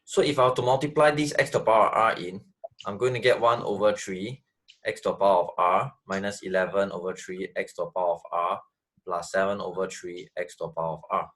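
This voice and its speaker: A man's voice: sits low, fairly even intonation, fast talker, a bit bright. A man tutoring math, explaining step by step, repeating phrases and checking that his student follows. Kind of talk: online tutoring lesson.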